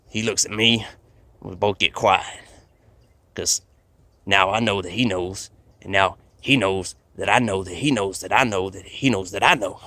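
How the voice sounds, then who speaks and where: A man's voice: sits low, creaky, bright, forceful tone, dry recording. A man telling a rambling comedic story in a laid-back drawl, full of fillers.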